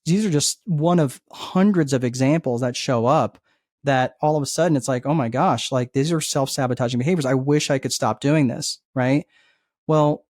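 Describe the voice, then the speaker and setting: A man speaking as a guest coach, explaining ideas in an energetic, conversational way, acting out inner thoughts and often checking in with "right?". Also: medium pitch, no room sound, clean studio sound. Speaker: guest life coach and entrepreneur. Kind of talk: conversational teaching.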